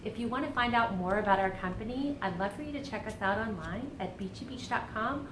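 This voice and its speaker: A woman's voice: mid-range voice, expressive, fairly quick. A woman making an upbeat, polished self-introduction as a real estate broker. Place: beachfront condo. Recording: echoey room with background noise.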